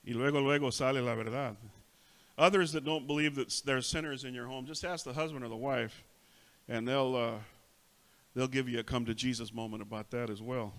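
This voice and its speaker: A middle-aged pastor preaching a sermon in a church, switching languages and telling stories with animated acted-out voices. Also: medium pitch, brisk. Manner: animated storytelling, acts out voices. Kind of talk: bilingual sermon, self-translating. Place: church sanctuary.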